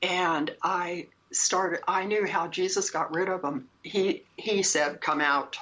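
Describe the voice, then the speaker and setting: A woman's voice: lowish voice, steady tone, takes it slowly, a bit bright. A woman, a shaman and spiritual teacher, telling a personal story in an interview, earnest and emphatic, often repeating her phrases. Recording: dull lo-fi sound.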